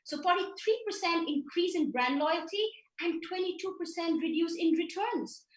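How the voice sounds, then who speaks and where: Woman presenter, high voice, echoey room, explains in lists, restarts often. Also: animated, moderate pace. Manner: explanatory, builds points in lists with frequent restarts. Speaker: company founder presenting in a webinar. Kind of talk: webinar presentation over slides.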